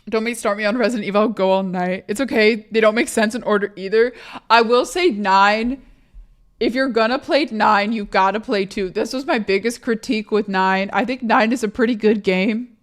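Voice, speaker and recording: A young woman streamer with a hoarse voice from laryngitis, chatting candidly and with swearing on a live stream, bursting louder when she greets viewers. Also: mid-range voice. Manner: candid, profane, rambling; bursts loud greeting raiders. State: sick, laryngitis. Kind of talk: casual live-stream chat.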